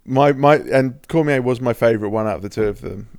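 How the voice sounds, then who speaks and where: A young man in easygoing podcast chat, his voice mid-pitched and recorded close and dry. He talks with quick, sweary interjections. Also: gravelly, a little mellow, no room sound. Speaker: podcast co-host. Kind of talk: casual chat.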